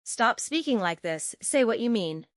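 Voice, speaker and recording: A woman's voice: fairly high pitch, sing-song, unhurried, dry recording, studio quality. A woman voicing a controlling, calculating mother who answers in clipped, insistent retorts. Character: controlling middle-aged mother, sharp, calculating.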